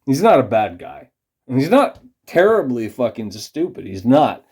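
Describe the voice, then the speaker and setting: Man, tipsy vlogger, rambling profane conspiracy rant, dark mellow tone. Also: medium pitch, big pitch swings, normal speed, breathy edge. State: tipsy from drinking beer. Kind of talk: rambling monologue to camera.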